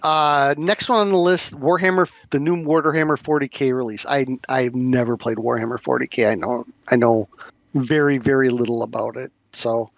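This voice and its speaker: A man's voice: mid-range voice, steady tone, moderate pace, creaky, dry recording. Podcast host, man, rambling casual delivery, dry and slightly muffled. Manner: rambling, with many restarts and fillers. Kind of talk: casual chat about tabletop games.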